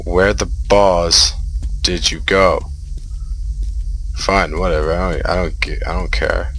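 A man playing a horror game and talking through it, jumpy and quick to exclaim. His voice is very deep, gravelly and drawn out. It sounds like a home recording with a faint hiss behind it. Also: steady tone, fairly bright tone. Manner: jumpy, easily scared, lots of exclamations. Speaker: gaming video host. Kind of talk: horror game let's play commentary.

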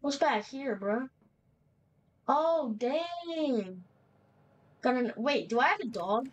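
Young woman, horror let's-play commentary, raised pitch, unhurried delivery, nervous slangy reactions. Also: expressive, dull audio. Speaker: gamer playing a horror game.

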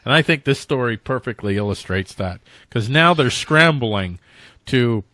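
A male co-host in casual political chat, animated and jokey, often slipping into mock voices. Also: mid-range voice, normal speed, dry recording, clean studio sound.

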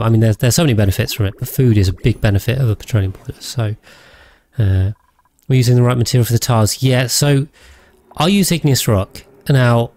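A man's voice: fairly low pitch, a little mellow. A man rambling casually as he streams a game, thinking aloud and thanking his viewers. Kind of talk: casual gameplay livestream chat.

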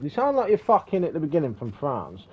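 A young man, streaming a game live and loudly teasing a teammate with plenty of swearing and mock outrage. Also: a little high, huge pitch swings, fast talker, husky, dull audio. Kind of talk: live gaming stream banter.

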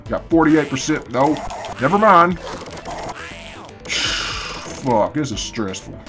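A man's voice: on the high side, sing-song, normal speed, music in the background. A man doing casual gameplay commentary, swearing constantly and grumbling at the game, half asleep early in the morning. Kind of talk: casual let's-play commentary.

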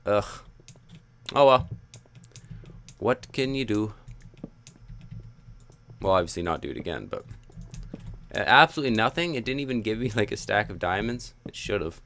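A man's voice: lowish voice, sing-song, normal speed, vocal fry, long pauses. A young man commenting on his own gameplay, muttering frustrated self-talk with sudden yelps. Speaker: gaming YouTuber.

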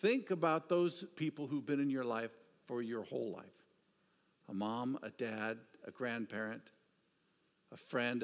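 A man preaching a sermon, telling stories with an animated delivery that drops to hushed, quiet asides. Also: on the high side. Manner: storytelling, swings from animated to hushed. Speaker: pastor. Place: church sanctuary. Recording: church hall reverb.

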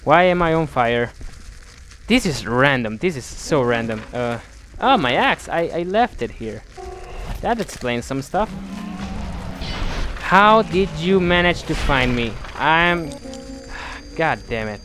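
Slow, bemused man narrating his gameplay. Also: medium pitch, expressive, over music. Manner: bemused, thinking aloud, frequent restarts. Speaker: gameplay commentator. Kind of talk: let's play commentary.

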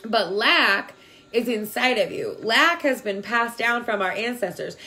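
A woman with a pushed, bright, high-leaning voice and lively intonation speaks at a measured pace to her viewers. As a spiritual vlogger and mother of a young daughter, she chats affectionately about energy and feelings, full of "like" and "right?".

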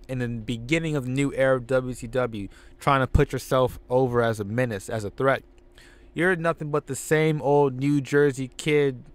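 A man voicing an angry male pro wrestler cutting a promo with loud, fired-up trash talk. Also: medium pitch, clean tone, natural voice.

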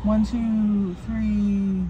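Her medium-pitched voice stays level and extremely slow, and the audio is dull with a little hiss or hum. She's chatting casually to her phone camera from inside a car, coughing from illness while joking, swearing, and laughing a lot.

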